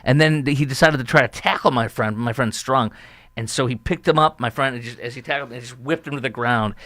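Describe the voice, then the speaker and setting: A man's voice: mid-range voice, quick pace, no room sound. A middle-aged man from the Chicago area hosting a podcast, talking through news stories in a chatty, storytelling way. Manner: chatty, animated storytelling with acted-out quotes. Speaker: podcast host. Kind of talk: opinion talk show monologue.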